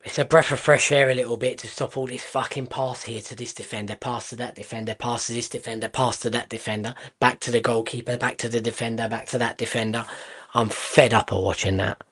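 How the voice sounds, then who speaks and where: Excitable football streamer, mid-pitch man. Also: slightly rough. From Portugal. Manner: blunt, excitable, swears, quick exclamations. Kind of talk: live match watchalong commentary.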